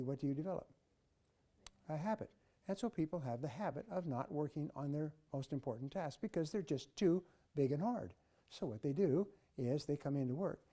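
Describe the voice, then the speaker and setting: An older man telling motivational stories, emphatic and animated, mimicking office chatter. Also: mid-range voice. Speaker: speaker. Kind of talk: motivational storytelling.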